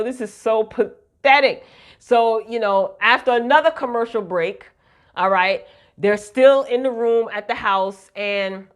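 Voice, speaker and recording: A woman, casually recapping a TV drama episode in a chatty, animated way with slang. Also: fairly low pitch. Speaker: recap vlogger.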